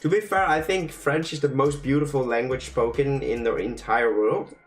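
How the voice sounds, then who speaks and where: A young male streamer draws fan creatures live while casually chatting and joking with his chat, reading messages aloud in a playful way. His medium-pitched voice has fairly even intonation at a moderate pace.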